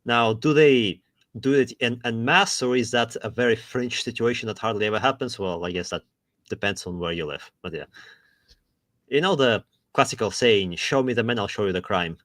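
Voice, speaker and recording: Casting: male podcast co-host, mid-pitched, wry asides, dead-dry studio sound. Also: moderate pace, fairly bright tone, no echo. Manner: reads text aloud with dry asides, laughs often. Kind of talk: casual chat.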